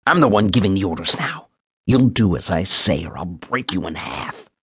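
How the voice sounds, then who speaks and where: A man's voice: sits low, expressive, moderate pace, fairly bright tone, slightly rough, no room sound, heavily acted. A man voicing a menacing, muscular bodyguard turned captor in an audiobook, hissing and growling his threats.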